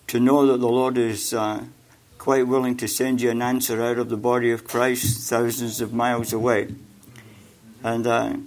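Older guy preaching, lots of uhs and repeats, mid-pitched voice, gets loud and emphatic. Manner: halting, with many fillers and repeated words; grows louder and more emphatic when exhorting. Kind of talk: sermon with personal testimony.

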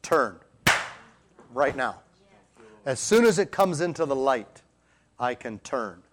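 A man preaching a sermon, firing rhetorical questions at the congregation and swinging between quiet and loud passages. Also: medium pitch, big pitch swings, slow pace, background noise.

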